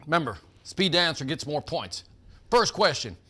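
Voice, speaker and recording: High, bright-voiced man hosting a quiz. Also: very animated, normal speed, husky. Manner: hyped, joking, calls out players by name. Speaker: host of a sales team quiz. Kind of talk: energetic live quiz hosting.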